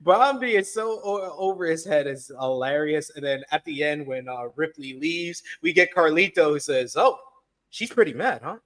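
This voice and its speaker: A man hosting a laid-back review show speaks in a slightly raised voice. He reads viewer comments aloud and answers each one with quick, easy reactions. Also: on the high side, a bit bright. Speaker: podcast host reading viewer comments. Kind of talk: casual review chat.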